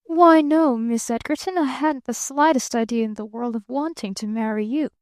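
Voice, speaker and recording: A rattled young man who stammers and covers with dry irony, as a woman narrator puts him on. The voice sits on the high side for a man and the sound is dry and close. He talks in a wry, uneasy way in this audiobook. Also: moderate pace, a little mellow, no echo, close to an everyday voice. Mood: flustered. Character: flustered, ironic young man. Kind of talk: audiobook character reading.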